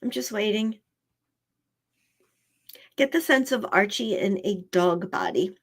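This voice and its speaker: A woman's voice: medium pitch, slow pace. A woman working as an animal communicator, giving live readings in a chatty way, often repeating herself and laughing.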